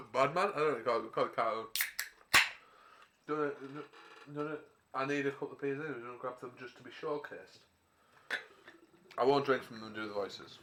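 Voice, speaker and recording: A man casting a live video game match, switching between rambling casual chat and quick play-by-play calls. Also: medium pitch, bright, forceful tone, a little hiss or hum. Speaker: esports caster.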